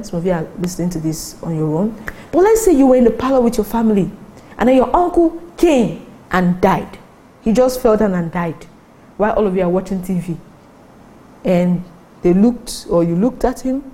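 A woman preaching a Bible-teaching sermon, reading verses aloud and often checking that listeners follow, her voice jumping up for emphasis. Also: rough recording. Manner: animated, rising sharply in pitch for emphasis, asks listeners if they follow.

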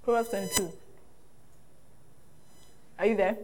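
A woman pastor preaching a sermon, lively and often laughing, acting out the voices she quotes. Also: mid-range voice, unhurried.

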